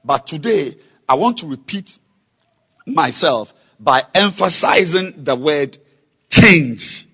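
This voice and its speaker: A man preaching a sermon, slow and emphatic, repeating key words and building to loud exhortation. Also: on the high side, expressive, slightly rough, highs cut off. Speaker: pastor.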